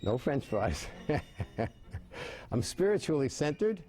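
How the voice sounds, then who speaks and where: A man's voice: takes it slowly, soft background music. Man in his seventies telling stories. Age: 70s. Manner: animated storytelling with big pitch jumps. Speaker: mime and storyteller. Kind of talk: telling jokes and explaining mime.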